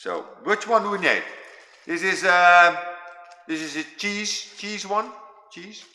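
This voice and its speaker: Fifties guy chatting to his stream while eating, a bit high-pitched, echoey room. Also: slow, bright, forceful tone. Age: 50s. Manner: rambling, repeats words, eats while talking. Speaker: livestream host chatting with viewers. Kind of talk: casual livestream chat. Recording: echoey room with long reverb.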